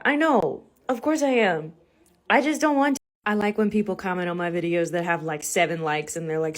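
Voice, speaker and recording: A woman's voice: mid-range voice, sing-song, a little fast. A woman from southern Louisiana giving a casual comedic monologue, talking in a blunt, unfiltered and profane way. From southern Louisiana, USA. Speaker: content creator and comedian.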